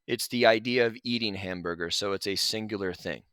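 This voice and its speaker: A man teaching a grammar lesson over slides, relaxed and chatty, with asides to his students. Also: on the low side, fairly quick, clear, resonant tone, dry recording. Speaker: Spanish teacher.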